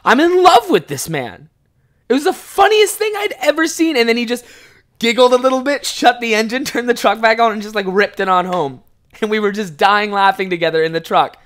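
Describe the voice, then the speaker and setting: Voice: medium pitch, a little fast, fairly bright tone. Twenties, podcast host, casual storytelling, heavy swearing, frequent laughter. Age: 20s. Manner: profane, rambling, laughs often.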